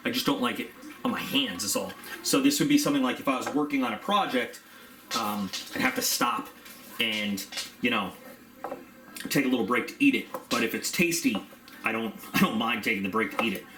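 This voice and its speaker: A man's voice: medium pitch, expressive, a little fast, bright, forceful tone. A man giving a casual unboxing review, chatty and rambling with fillers, sometimes talking while he chews. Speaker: product reviewer. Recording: echoey room, faint background hum.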